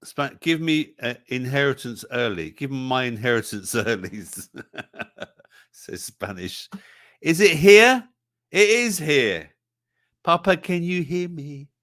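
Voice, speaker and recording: A man's voice: mid-range voice, very animated, slow, fairly bright tone, no room sound, studio quality. A man hosting a livestream song quiz in a jokey, casual way, reading out the chat's answers. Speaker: livestream show host.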